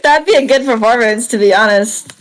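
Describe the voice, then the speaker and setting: A woman's voice: a little high, a little fast, slight background noise, low-quality recording. A young woman player in a tabletop game, chatting casually, giggly and thinking aloud. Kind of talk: casual chat.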